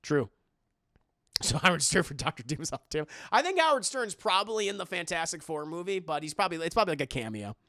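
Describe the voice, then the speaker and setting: Young guy streamer rambling thru chat, kinda high voice, gravelly, dry close sound. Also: very animated, fast talker, sharp tone, dry recording. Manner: rambling, reacts to chat, many restarts. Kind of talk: casual live-stream chat.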